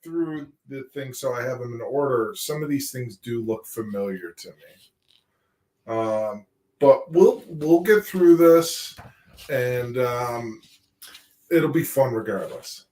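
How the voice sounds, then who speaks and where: A man's voice: mid-range voice, animated, takes it slowly, darkish tone. A man co-hosting a casual chat, rambling along with many fillers. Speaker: co-host. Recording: echoey room sound.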